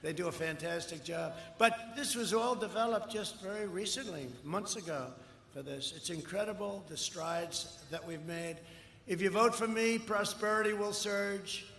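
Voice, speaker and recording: Male rally speaker, high and bright, boastful and repetitive, often shouting; echoing outdoor loudspeaker sound. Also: moderate pace, a little hiss or hum. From United States. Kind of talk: campaign rally speech. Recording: echoey rally sound with long reverb and faint ambience.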